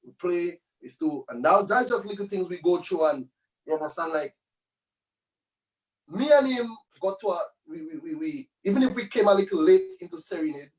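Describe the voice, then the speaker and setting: High-voiced man telling loose stories. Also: lively intonation, normal speed, far from the mic, poor audio. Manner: loose, rambling, with many tag phrases. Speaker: musician guest. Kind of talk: casual storytelling interview.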